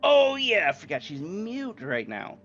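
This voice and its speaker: A man's voice: high voice, sing-song, measured pace, a bit bright, highs cut off, faint music behind. A man running a tabletop game as dungeon master, narrating loosely with lots of fillers and laughter.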